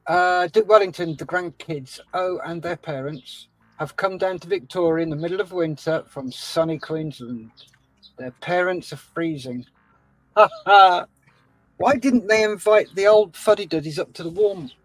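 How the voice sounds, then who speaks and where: A man co-hosts a relaxed livestream, cheerfully reading out viewer comments. His voice sits a bit high for a man. It sounds dry and close, with no room echo. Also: moderate pace, faint music behind. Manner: cheerful, reads chat comments aloud with laughs. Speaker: co-host reading live chat. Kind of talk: casual livestream chat.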